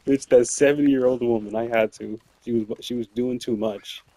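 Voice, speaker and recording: A man's voice: mid-range voice, steady tone, normal speed, warm tone. A young man telling work stories in a casual, rambling way, swearing and laughing often. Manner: rambling, profane, laughs often, many fillers. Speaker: streamer. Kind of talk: casual storytelling while gaming.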